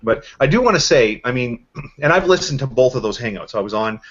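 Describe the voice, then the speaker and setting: A man's voice: medium pitch, animated, a bit bright, breathy edge. A man hosting a casual online chat, rambling with lots of restarts. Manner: rambling, many fillers and restarts, quick. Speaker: host. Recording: dull lo-fi voice call.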